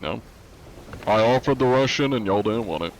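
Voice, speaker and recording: A man with a fairly low voice chats casually through a live game stream. He reads viewer messages aloud and answers them at an easy pace, leaning on plenty of "uh" fillers. A faint hiss sits under the recording. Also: expressive, normal speed. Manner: laid-back, reads chat aloud and answers it; frequent "uh" fillers.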